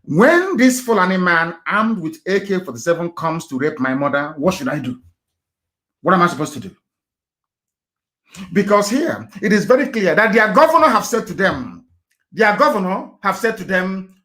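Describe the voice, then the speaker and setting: A man on live radio, speaking with a high-set voice. He talks in a fiery, rhetorical way, jumping from loud outbursts down to low, muttered asides. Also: very animated, normal speed. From Nigeria. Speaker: radio broadcaster.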